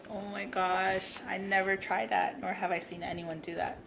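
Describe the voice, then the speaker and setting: A woman vlogging a casual craft tutorial, gushing and bubbly, at times dropping to soft whispers. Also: medium pitch, flat delivery, normal speed, vocal fry, hardly any pauses, slight background noise.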